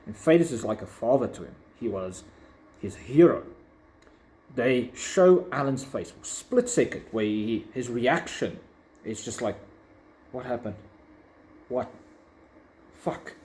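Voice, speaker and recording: A man's voice: medium pitch, expressive, unhurried, darkish tone. A man giving a casual, opinionated video review, rambling with frequent fillers. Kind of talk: casual commentary.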